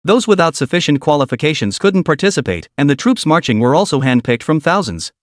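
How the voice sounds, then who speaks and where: A man narrating a story in an even, steady reading voice. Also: on the high side, fairly quick, dry recording, clean studio sound.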